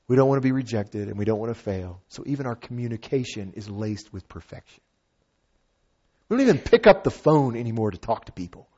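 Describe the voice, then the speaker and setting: A man preaching a sermon as a pastor, conversational and animated, with playful asides and acted-out quotes. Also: on the low side, a little fast, slightly rough, highs cut off.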